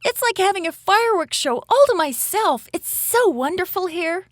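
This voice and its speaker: A woman voicing a curious, brave little girl with a high, excited voice in a storybook. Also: moderate pace, no echo, clean studio sound. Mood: wistful.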